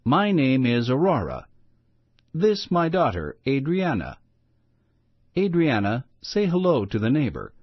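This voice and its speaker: A man reading aloud voices a friendly immigrant mother who speaks simple, halting English. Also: mid-range voice, wildly swooping pitch, no room sound, voice pushed up. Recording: muffled lo-fi recording.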